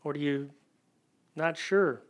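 A man preaching a conversational sermon in church, searching for his words with frequent ums and pauses. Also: a little high. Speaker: pastor.

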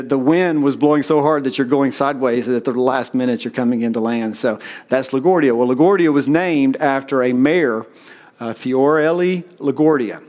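A middle-aged man preaching a sermon in a relaxed, conversational storytelling way, with frequent "uh" fillers. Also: medium pitch. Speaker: pastor.

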